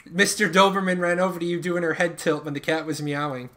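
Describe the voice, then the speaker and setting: A man from Ireland with a high voice talks casually to his stream audience. His stories ramble and he keeps restarting his sentences, with sudden bursts of emphasis. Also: little pitch movement, brisk, sharp tone. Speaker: game streamer. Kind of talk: casual live-stream chat.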